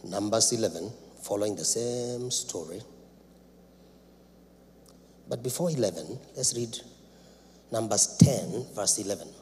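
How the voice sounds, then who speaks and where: A man preaching a sermon in a church, dramatic, swinging between loud shouts and low asides. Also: animated, measured pace, pauses often. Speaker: apostle preaching. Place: church sanctuary. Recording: reverberant church hall, faint background noise.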